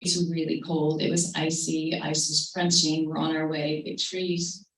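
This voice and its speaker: At a creative talk, a woman with a lowish, fairly even voice shares a gentle, reflective story with a live audience, speaking a little slowly in a level tone. A spacious hall's echo surrounds her, and she sounds slightly far from the mic, like a livestream recording.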